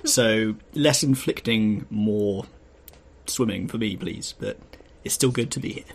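Give me a deadpan man with a husky, slightly rough voice chatting casually about his tabletop character, unhurried and dry. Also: lowish voice. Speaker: player. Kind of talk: casual tabletop podcast chat.

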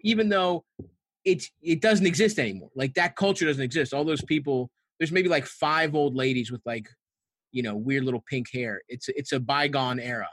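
Crude, rambling tales and plenty of laughter come from this podcast guest from Baltimore, USA, chatting casually. His pitch is medium, his tone a bit bright, and there's no echo.

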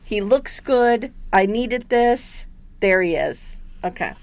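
A woman co-hosting a casual podcast, recapping an episode with animated storytelling and squealed voices for the people she quotes. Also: medium pitch, slow. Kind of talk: casual chat.

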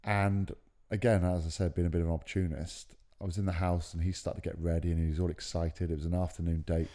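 A man's voice: low-pitched, level tone, fast talker, warm tone. A man telling a story in casual, matey podcast chat. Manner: laid-back, chatty, matey. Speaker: podcast co-host.

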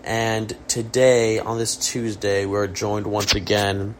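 A man's voice: on the low side, little pitch movement, takes it slowly, a little hiss or hum. A man hosting a casual comedy podcast, talking in a dry, mock-serious way with many restarts. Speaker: podcast host.

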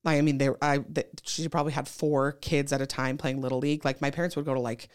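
Low-voiced chatty woman guest. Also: quick pace, clear, resonant tone. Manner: chatty, animated storytelling with many fillers. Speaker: podcast guest. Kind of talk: casual chat.

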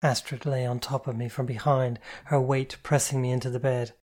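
A reader giving a soft-spoken, even, first-person narration of a novel. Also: mid-range voice, moderate pace. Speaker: audiobook reader.

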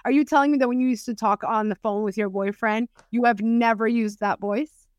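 A woman co-hosting a podcast in casual chat, animated, with quick laughs and lots of fillers. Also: a little high, clean tone, no echo, highs cut off. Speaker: podcast co-host.

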